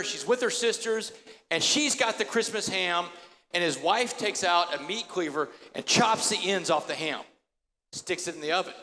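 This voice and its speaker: Male keynote speaker, high-pitched, emphatic storyteller, echoey hall. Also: bright, forceful tone. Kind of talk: motivational speech. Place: large hall.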